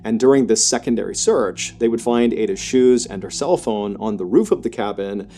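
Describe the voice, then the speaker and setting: A man narrating a true horror story in a conversational way, with frequent filler words and a voice that rises sharply in tense moments. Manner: quick, conversational, frequent filler "you know"; climbs high and loud in tense action. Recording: faint music behind.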